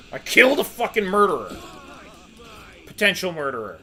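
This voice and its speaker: A man's voice: a little high, sing-song, moderate pace, bright, forceful tone. A young man giving casual commentary while playing a video game, ranting and swearing in frustration. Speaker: let's play gamer.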